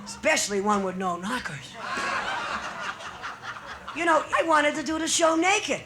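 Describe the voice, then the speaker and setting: A woman's voice: high voice, very animated, unhurried, over loud music. A middle-aged woman comedian doing a bawdy live stand-up routine on a nightclub stage, teasing the audience with brassy banter.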